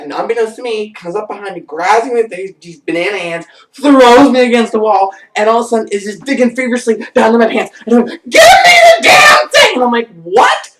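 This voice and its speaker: A man telling a comic anecdote in an animated way, breaking into squealing voices. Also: sits high, recorded from a distance. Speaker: vlogger. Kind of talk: comedic storytelling. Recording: echoey room, voice off-mic.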